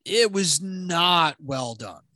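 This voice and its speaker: Man, casual podcast film chat, rambling and animated, slightly high voice, dry close mic. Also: slow pace, no room sound. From New Jersey.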